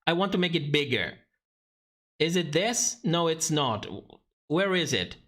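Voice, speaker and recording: A man's voice: on the high side, very animated, unhurried, fairly bright tone. A man giving sarcastic, profane livestream commentary on a drag competition show, often laughing mid-sentence.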